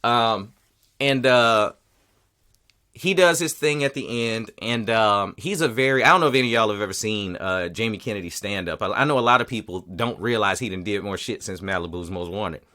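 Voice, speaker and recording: A man's voice: on the low side, animated, moderate pace, bright, forceful tone. A man hosting a podcast, telling a story in casual, profane chat and acting out other people's lines. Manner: profane storytelling, acts out quotes. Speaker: podcast host.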